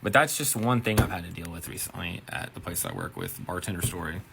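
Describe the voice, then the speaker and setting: A man's voice: low-pitched, brisk, gravelly, noisy background. A man, a bartender and manager, telling a profane story-time anecdote and acting out the quotes. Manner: profane, animated retelling with acted quotes.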